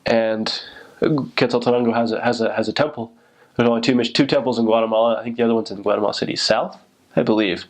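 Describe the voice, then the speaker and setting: A man's voice: mid-range voice, steady tone, fast. A young man, a returned missionary, describing his mission area in a rambling, self-correcting way. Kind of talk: casual recollection.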